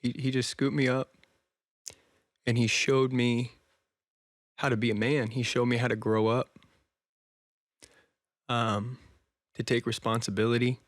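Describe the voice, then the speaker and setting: A man's voice: medium pitch, level tone, measured pace, pauses often, no echo, studio quality. Earnest young man telling his story. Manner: earnest and emotional, laughs often, says "dude" and "man". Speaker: podcast guest. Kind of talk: casual interview storytelling.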